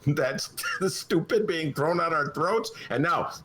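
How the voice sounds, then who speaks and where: Sarcastic animated male podcast host. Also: a little high, measured pace. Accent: Chicago. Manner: sarcastic, animated, jumps between mock voices and asides. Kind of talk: comic political talk show. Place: home attic studio.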